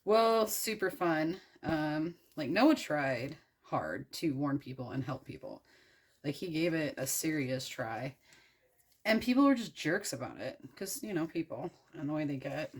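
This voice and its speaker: Low husky woman telling a story casually. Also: animated, measured pace. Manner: irreverent, profane, rambling with many fillers. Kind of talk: casual storytelling while crafting.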